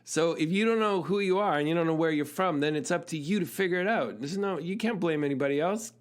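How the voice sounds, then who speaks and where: A man's voice: fairly high pitch, fast talker, natural voice. A man retelling the words of his blunt, teasing friend, a drum keeper, in a direct and pushy tone.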